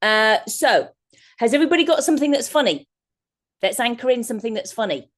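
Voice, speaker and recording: A woman's voice: on the high side, lively intonation, brisk. A woman giving a chatty, rambling workshop talk as a guest speaker over a video call, often breaking into laughter. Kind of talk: online workshop presentation.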